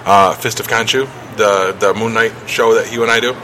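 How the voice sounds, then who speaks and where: Male podcast co-host, bright and crisp tone, halting restarts, faint background noise. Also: lowish voice, fairly even intonation, rough recording. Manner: hesitant, repeats words when starting sentences. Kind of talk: casual podcast chat.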